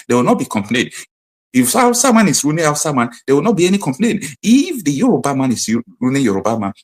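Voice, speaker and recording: Impassioned Nigerian man commentating. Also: lowish voice. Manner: impassioned, repeats his points for emphasis. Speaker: political commentator, host of live stream. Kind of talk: live-stream political commentary.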